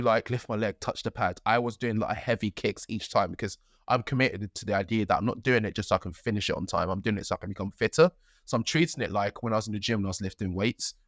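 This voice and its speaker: A young man co-hosting a podcast, telling a story in a lively way with acted-out quotes. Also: fairly low pitch, no room sound, clean studio sound. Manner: animated storytelling, acts out quotes. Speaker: podcast co-host. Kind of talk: casual chat.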